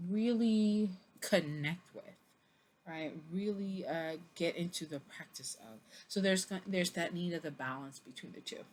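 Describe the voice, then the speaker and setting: Woman, tarot reader, casual to camera, chatty, expressive, laughs and swears, meandering. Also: on the low side. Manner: loose, meandering delivery with many fillers.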